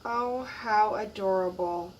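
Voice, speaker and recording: A woman hosting a crafting channel, narrating an unboxing in a casual, gushing way, admiring each item with soft exclamations. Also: medium pitch, takes it slowly, recorded from a distance, slight background noise.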